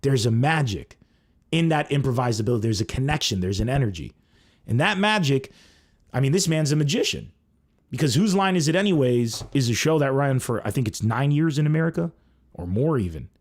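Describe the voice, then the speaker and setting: Male comedian host, casual monologue, swooping expressive voice, acts out quotes. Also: mid-range voice, a little fast. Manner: animated, acts out quoted lines.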